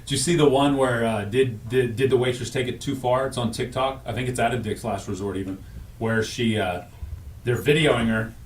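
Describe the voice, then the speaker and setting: A man with a medium-pitched voice speaks at a normal speed, sounding roomy and distant from the mic with a little hiss or hum. He co-hosts a morning radio show, bantering casually, rambling, correcting himself, and laughing at his own jokes.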